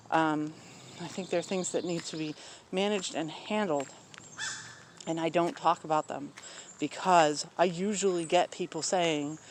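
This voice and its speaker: A man talks candidly about his own life in a loose, rambling way, filling gaps with ums and cutting in with blunt asides. He sits outdoors in a rural spot, where faint crickets and outdoor noise sound behind him. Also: sits high. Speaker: vlogger talking about personal life. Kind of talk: casual personal talk.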